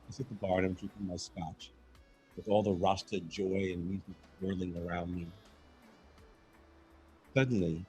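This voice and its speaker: A man's voice: sits low, slight background noise. A man performing a first-person monologue as a live theatrical reading, telling his story expressively.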